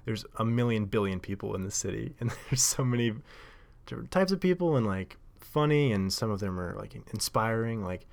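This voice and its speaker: A man with a somewhat low voice talks through a casual solo monologue. He rambles, stacks up fillers and restarts, and laughs at himself along the way. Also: lively intonation, a little fast, gravelly, a little mellow. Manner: rambling, lots of likes and self-corrections, laughs often. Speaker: podcast host.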